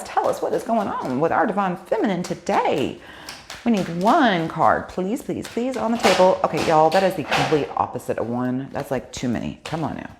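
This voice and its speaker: Woman, deep voice, casual tarot reading, chatty, excitable, salty language. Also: a little hiss or hum. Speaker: tarot reader.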